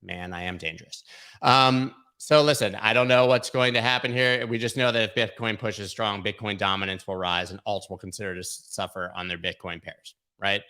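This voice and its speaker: A man with a fairly low but bright, forceful voice hosts a crypto market show. He gives live chart commentary in a brash, joking, excitable way. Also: moderate pace, clean tone.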